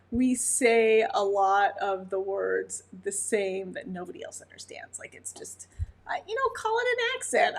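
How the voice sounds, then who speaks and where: A woman's voice: mid-range voice, gravelly. A woman from Montana with a Montana accent, a dog breeder chatting casually on a livestream, laughing often and answering viewers' comments. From Montana, USA.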